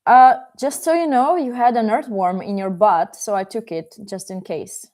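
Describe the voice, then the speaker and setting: A woman's voice: medium pitch, moderate pace, darkish tone, close to an everyday voice. A woman playing a greedy, offhand hen. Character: greedy casual female hen.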